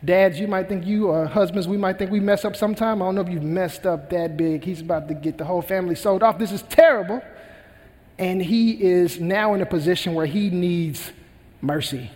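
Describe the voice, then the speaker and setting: A man's voice: high-pitched, fairly even intonation, fairly quick, a little mellow, long reverb tail. A male pastor preaching a sermon, retelling a parable with earnest, emphatic repetition.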